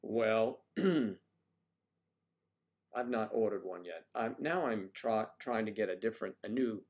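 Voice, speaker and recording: A man's voice: on the low side, a little slow, a little mellow. A man hosting a casual morning livestream, chatting playfully and reading out viewer comments. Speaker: livestream host.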